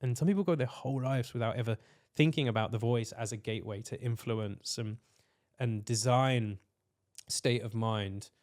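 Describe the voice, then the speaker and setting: A man's voice: mid-range voice, moderate pace, a little mellow. Male podcast guest, mid-range voice, earnest and searching, filler-heavy conversational delivery. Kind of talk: reflective conversational explanation.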